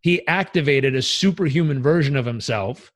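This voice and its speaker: A man coaching as a podcast guest, telling stories in an energetic, emphatic and casually profane way. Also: medium pitch, normal speed. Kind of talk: podcast interview storytelling.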